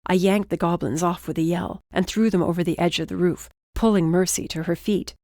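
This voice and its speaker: Female audiobook narrator, measured and steady, low register, dry booth sound. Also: no room sound. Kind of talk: scripted narration.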